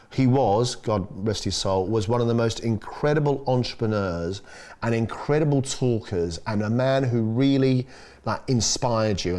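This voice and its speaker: A middle-aged Australian man, a chef, chatting casually on a podcast and telling lively stories, acting out quoted voices with big jumps in pitch. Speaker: chef guest.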